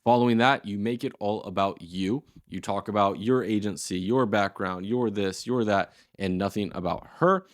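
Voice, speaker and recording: A man's voice: lowish voice, normal speed, hardly any pauses, no room sound, clean studio sound. A man in his twenties with an American accent, coaching his audience bluntly and energetically, then leading a sales call. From United States. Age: 20s. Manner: blunt, energetic, swears casually. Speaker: agency owner teaching a course.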